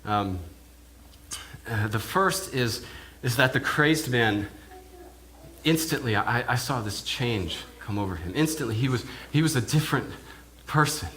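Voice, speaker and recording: A male minister plays an awed village pig herder, speaking at an ordinary middle pitch. He stumbles, repeats and restarts his words as he tells of what he saw. A faint hiss sits under the voice. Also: animated, measured pace, bright, forceful tone. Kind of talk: in-character first-person sermon monologue. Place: church.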